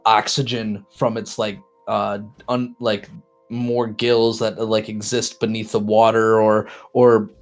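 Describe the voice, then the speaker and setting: Low-voiced man narrating as game master. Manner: descriptive, halting, with many restarts.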